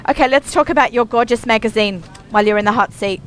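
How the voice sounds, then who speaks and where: Woman host, middle-aged, from Australia, high voice, chatty with lots of fillers, live from a store with faint background noise. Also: quick pace. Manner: chatty, bubbly, frequent fillers. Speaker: radio show host. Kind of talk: casual chat. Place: busy store.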